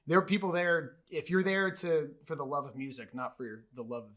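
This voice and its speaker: A man's voice: fairly high pitch, expressive, a little fast, fairly bright tone. A man, a musician guest on a talk show, chatting eagerly and emphatically, laughing often. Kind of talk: casual interview chat.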